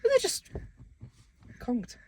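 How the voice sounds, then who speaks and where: A woman's voice: drawn-out words, a little hiss or hum. A young woman co-hosting a comedy podcast, giggling and rambling through jokey casual chat. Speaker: podcast co-host.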